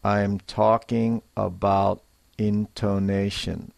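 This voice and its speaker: A man teaching English in a scripted lesson, speaking clearly and acting out example sentences to show intonation. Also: mid-range voice, very animated, takes it slowly, dry recording. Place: Japan.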